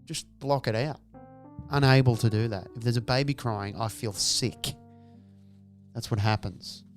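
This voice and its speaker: Male comedian, animated and exasperated, swearing, with soft music in the background. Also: mid-range voice. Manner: exasperated ranting, profane, acts out noises. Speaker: stand-up comedian, podcast host. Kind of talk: comedic monologue.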